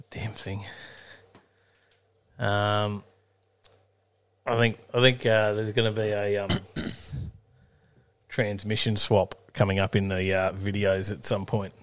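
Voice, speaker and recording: A man's voice: fairly low pitch, little pitch movement, slow pace, long pauses. A middle-aged Australian man co-hosting a casual live-stream chat, joking and laid-back, with lots of ums and repeats. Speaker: co-host.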